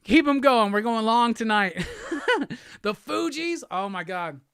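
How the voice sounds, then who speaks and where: A middle-aged man hosting a casual live stream, excitedly rapping along to old songs and swearing as he chats. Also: sits high, unhurried, vocal fry, clear, resonant tone, dry recording, studio quality. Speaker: host.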